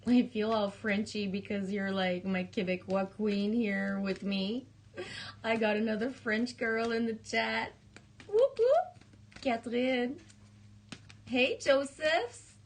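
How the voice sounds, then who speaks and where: Woman streamer, relaxed slow casual chat with frequent giggles, warm greetings to viewers. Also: medium pitch, slight background noise. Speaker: live streamer reading oracle cards.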